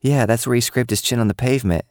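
A bubbly, impatient schoolgirl with a bright, bouncing delivery, put on by a man narrating an audiobook. It sits far above his own low voice. The sound is close and dry. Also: fairly even intonation, fast talker, no room sound, natural voice. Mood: chatty. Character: chatty, excitable young schoolgirl. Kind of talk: audiobook character voice.

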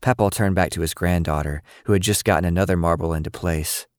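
A man with a very low, deep voice reads a scripted audio story in a steady, even way. The recording is dry and close-miked, with no room echo. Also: quick pace, clean tone. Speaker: narrator.

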